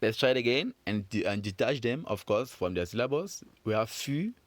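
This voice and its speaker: A man teaching French phonics to children in a patient, encouraging way, repeating sounds slowly. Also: medium pitch, animated, no room sound. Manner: slow, patient, encouraging, drawn-out repetitions.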